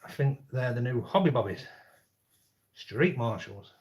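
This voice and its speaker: A man hosting a camping live chat. His voice sits at an ordinary middle pitch, and he talks in a loose, cheeky way with frequent laughs and the odd swear word. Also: animated, unhurried, muffled recording. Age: adult parent. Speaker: camping live-stream host. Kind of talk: casual live chat storytelling. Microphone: live-stream setup.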